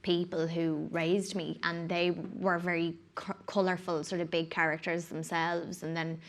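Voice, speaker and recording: Chatty Irish woman, lowish voice. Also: normal speed. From Ireland. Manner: expressive and chatty, with fillers and laughs. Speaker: guest actor. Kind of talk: casual interview.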